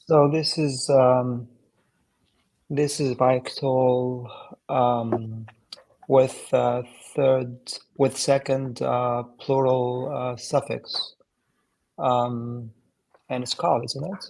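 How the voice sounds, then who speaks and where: A man in a live study group, translating the text aloud hesitantly with many pauses and fillers. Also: mid-range voice, little pitch movement, gravelly, darkish tone, poor audio. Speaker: participant reading and translating the text. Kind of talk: live-streamed study discussion.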